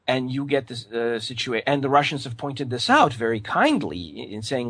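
A man's voice: mid-range voice, normal speed, few pauses, breathy edge, no echo. Man talking politics, lots of ums. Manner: hesitant, many fillers and restarts, grows animated. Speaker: political commentator. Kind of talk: opinionated political discussion.

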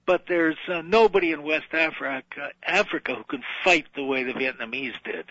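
A man's voice: on the high side, moderate pace, pushed and bright, no room sound. A man on a radio talk show, explaining foreign affairs in a wry, lecturing way with many fillers. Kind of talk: radio discussion. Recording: dull band-limited radio audio.

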